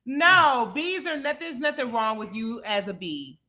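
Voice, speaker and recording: A woman's voice: fairly high pitch, animated, measured pace, sharp tone. A woman from California co-hosting a live show, playfully exasperated and laughing in casual banter. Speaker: co-host.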